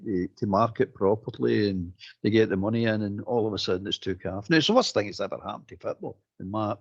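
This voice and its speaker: A man's voice: lowish voice, gravelly, slightly rough. A Scottish man calling a football phone-in show, ranting bluntly and repeating his points. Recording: dull lo-fi phone-in audio.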